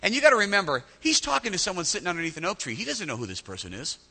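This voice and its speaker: A male pastor preaching a sermon, animated, often repeating words as he starts a phrase. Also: high voice, rapid-fire, big-room sound.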